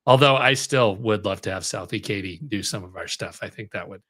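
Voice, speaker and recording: A man who hosts a podcast, chiming into a casual chat in a relaxed, offhand way. His voice sits on the low side. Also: a little fast. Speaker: podcast host.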